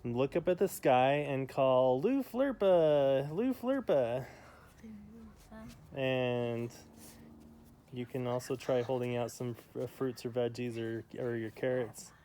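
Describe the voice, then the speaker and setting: A man's voice: mid-range voice, fairly even intonation, unhurried, darkish tone, slight background noise. A man outdoors reading homework instructions aloud and coaxing a child, stumbling over his words now and then. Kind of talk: playful family vlog. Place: outdoors by home.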